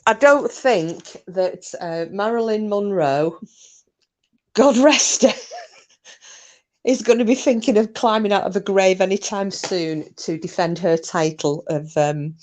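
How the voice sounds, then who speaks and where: A woman hosting a casual livestream greets viewers and reads their chat messages aloud, chatty and giggly with self-mocking humour. Her mid-range voice has a darkish tone, and she takes it slowly.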